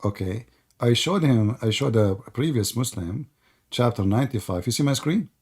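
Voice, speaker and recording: A man's voice: medium pitch, expressive, normal speed, a little mellow, breathy edge. A man hosting a live debate stream who asks pointed questions and keeps repeating words to press his point. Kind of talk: argumentative debate talk.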